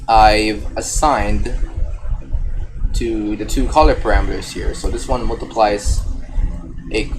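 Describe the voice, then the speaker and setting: Slow, casual man streaming game dev. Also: fairly low pitch, a little hiss or hum. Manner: casual, thinking aloud with restarts.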